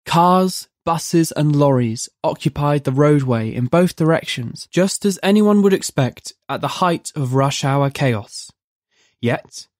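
A narrator reading a dark horror story aloud in a measured, vivid storytelling manner. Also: mid-range voice, no room sound, studio quality. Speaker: narrator of a horror audio drama.

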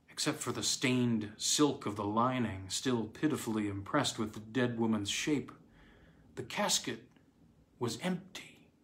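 A man reading a weird tale aloud in a measured, dramatic way. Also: mid-range voice, a bit bright. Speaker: reader. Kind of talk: scripted narration.

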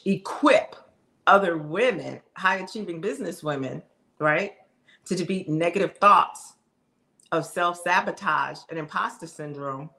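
Middle-aged lady coach hyping her viewers up, bright and punchy, kinda low pitched. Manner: emphatic, conversational, addresses viewers directly. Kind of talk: motivational casual talk.

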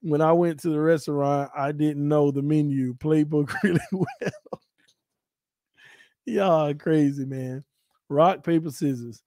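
A man's voice: fairly high pitch, a little slow, long pauses, a little mellow, no room sound, studio quality. A man from Florida hosting a casual sports talk livestream, joking and trash-talking as he reads the chat aloud. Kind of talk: casual live-chat banter.

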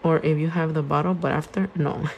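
Low, steady, and brisk, the voice is creaky and slightly rough, and the recording's highs are cut off. It belongs to a young woman with a Californian accent who owns a nail shop and chats casually on a live stream as she does nails, responding to viewer questions in English sprinkled with Spanish.

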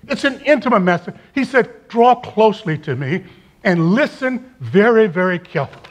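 Older male preacher, high voice, emphatic repetition, swings between urgent and hushed. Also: sing-song, normal speed. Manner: emphatic preacher who repeats key phrases and drops to a quiet, intimate tone. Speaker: retired campus minister preaching at a university chapel. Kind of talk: sermon.

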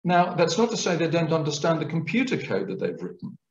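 A man giving a public lecture, explaining things clearly in a lecturing manner. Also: fairly high pitch, huge pitch swings, fairly quick. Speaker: guest lecturer. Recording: roomy, dull lecture recording.

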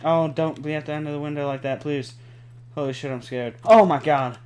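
A young man giving live gameplay commentary, excitable, cursing often and pleading with the game. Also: a little high, a little fast. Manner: excitable, swears a lot, pleads and groans at the game. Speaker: gaming channel host.

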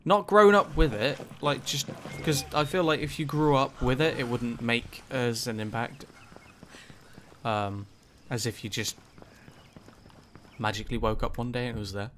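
A gaming channel host with a medium-pitched, fairly bright voice comments casually on gameplay at normal speed, his intonation fairly even and his speech broken by frequent pauses. He rambles with plenty of ums and likes plus some swearing, over slight background noise.

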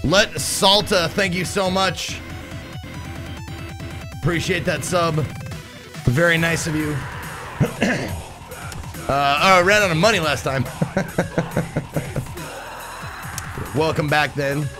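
A man's voice: on the high side, drawn-out words, pauses often, music in the background. A man casually chatting on a live stream, reading out viewer messages, swearing and laughing often. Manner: profane, laughing, reads chat aloud. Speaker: game streamer.

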